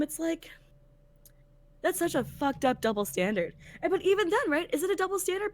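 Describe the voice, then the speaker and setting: A podcast co-host with a very high voice, captured in a dry recording, tells a story during a casual chat. Speaking as a tournament organizer, she's emphatic and animated and swears often.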